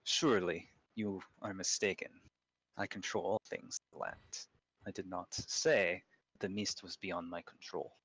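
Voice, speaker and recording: A brooding, imperious vampire lord of a tabletop game, as a man puts him on. He speaks in a slow, formal, measured way with a put-on accent, in a lowish voice. The sound is dry and close. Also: fairly even intonation, fairly bright tone, husky, no echo, full character voice, rough recording.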